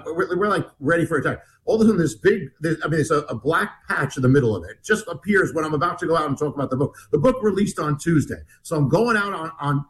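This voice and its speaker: Man, guest on a talk show, rambling, restarts a lot, fairly high voice, faint hiss. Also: low-quality recording. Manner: animated, rambling retelling with many restarts. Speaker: guest author. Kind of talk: casual interview storytelling.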